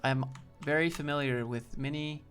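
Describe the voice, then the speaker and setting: A man's voice: a little high, fairly even intonation, fairly bright tone, soft background music. A man hosting a live stream in a casual, rambling way, reading and answering chat as he talks. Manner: rambling, loose, quick asides to chat. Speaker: livestream host.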